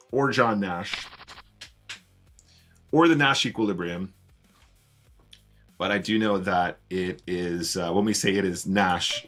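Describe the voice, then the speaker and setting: A man's voice: sits low, fairly bright tone. A man casually commentating his online poker play on a live stream, chatting with viewers as he goes. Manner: chatty, greets viewers while playing.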